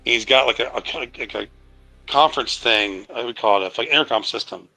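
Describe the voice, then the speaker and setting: A man's voice: medium pitch, a little fast, pushed and bright, faint music behind, poor audio. A man co-hosting a casual livestream chat who rambles, laughs and swears freely. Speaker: video creator and co-host.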